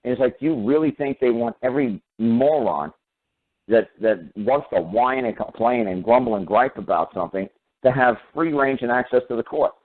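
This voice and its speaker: A man's voice: medium pitch, moderate pace. Man lecturing over a phone line. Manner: emphatic, repetitive, lecturing. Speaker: guest caller on talk radio. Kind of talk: talk radio storytelling and opinion.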